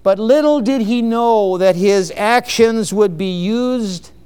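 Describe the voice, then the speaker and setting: A man preaching a sermon, emphatic and unhurried, with exclamations and chuckles. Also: high voice, darkish tone, smooth.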